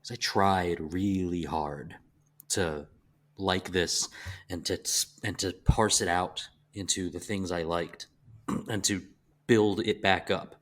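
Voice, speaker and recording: A man from the American South, co-hosting a casual movie podcast, talking in a halting, thoughtful way with frequent restarts. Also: deep voice, steady tone, a bit bright. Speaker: podcast co-host.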